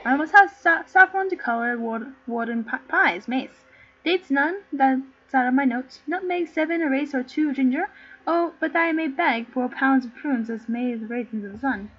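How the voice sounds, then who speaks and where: A woman's voice: high voice, normal speed, natural voice. A woman voicing a simple, good-natured young country lad who bumbles along and counts things aloud, on a dull lo-fi recording. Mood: fussing.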